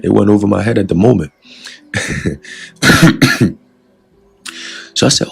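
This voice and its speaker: A man giving a casual spoken testimony of a dream as a religious lesson, relaxed and full of fillers. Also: lowish voice, moderate pace, gravelly, pauses often, slightly rough, faint music behind. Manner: relaxed storytelling with many fillers. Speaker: religious teacher recounting a dream.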